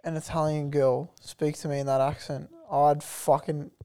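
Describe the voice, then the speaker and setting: Brash young Aussie bloke saying bro. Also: male voice, a little high, little pitch movement, normal speed, dark tone, clear, resonant tone. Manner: brash and crude, calls everyone bro. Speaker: podcast co-host. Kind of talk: casual chat.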